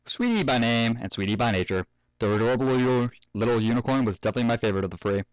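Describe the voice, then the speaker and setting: A man's voice: medium pitch, expressive, racing, smooth, dry recording, rough recording. A young man reading a fan story aloud at home, often breaking off to joke, swear and laugh. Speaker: fanfic reader. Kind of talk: casual story reading with asides.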